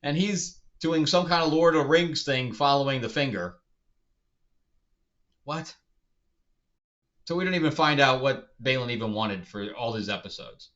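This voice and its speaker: Incredulous man ranting, bright lo-fi voice. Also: mid-range voice, expressive, normal speed, pauses often. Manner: incredulous, exasperated, laughs often. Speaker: TV show reviewer. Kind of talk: casual review rant. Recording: dull lo-fi sound.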